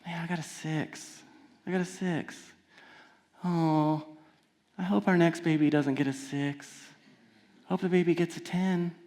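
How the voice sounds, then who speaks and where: A man voicing a disappointed young boy who mutters softly to himself. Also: on the high side, fairly even intonation, a little slow, long pauses. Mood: deflated. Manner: deflated, muttering.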